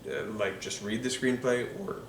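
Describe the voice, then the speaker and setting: A film reviewer with a fairly low, expressive voice offers casual, enthusiastic movie commentary, often pausing on ums and uhs. He's recorded from a distance, sitting a bit back from the mic in an echoey room with faint hiss underneath.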